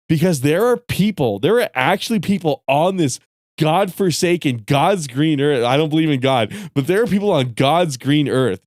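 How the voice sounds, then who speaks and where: A man's voice: a little high, normal speed, no room sound, clean studio sound. A man streaming who tells a story in a casual rant, swearing a lot and breaking into laughter often. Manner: profane, laughing often, animated.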